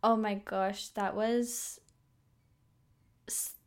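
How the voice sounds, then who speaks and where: A woman's voice: mid-range voice, flat delivery, extremely slow, clear, resonant tone. A woman from Australia, co-hosting a podcast and chatting casually, often laughing and correcting herself. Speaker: podcast co-host. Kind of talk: casual chat.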